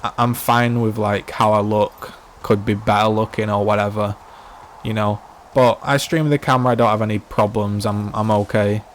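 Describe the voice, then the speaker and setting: A young man talks through a live game stream in a rambling, unscripted way, stopping and restarting his sentences. His voice sits on the low side, and a faint hiss runs underneath. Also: steady tone, normal speed. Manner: rambling, repeats and restarts himself, many "like" fillers. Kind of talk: casual live-stream chat while playing.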